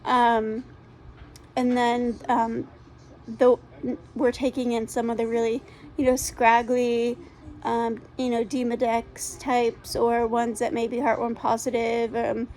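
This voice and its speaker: A woman's voice: on the high side, level tone, slow pace. A woman who runs a dog rescue gives a casual spoken update from home into a phone camera. She sounds congested and rambles with lots of ums and restarts.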